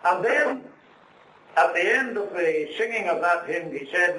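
Middle-aged man, high-pitched earnest preacher, caught from a distance in an echoey room with faint hiss. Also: lively intonation, a little slow, sharp tone. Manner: earnest storytelling with preacherly emphasis. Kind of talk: sermon testimony.

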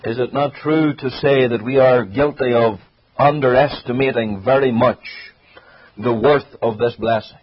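A man preaching an earnest sermon, his husky voice rising for emphasis and sinking low. His phrasing slows to linger on key words. The broadcast sounds dull and lo-fi. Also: fairly even intonation. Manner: earnest, swells and drops in volume for emphasis.

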